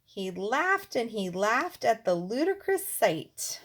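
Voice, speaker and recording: A woman reading a rhyming children's storybook aloud with an expressive, rhythmic delivery. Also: fairly high pitch, slow, slight background noise. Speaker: reader.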